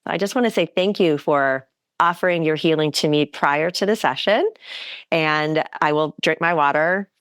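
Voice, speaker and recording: Low-voiced woman podcast host, giggly. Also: clear, resonant tone, no room sound, clean studio sound. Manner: giggly, animated storyteller. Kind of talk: casual interview chat.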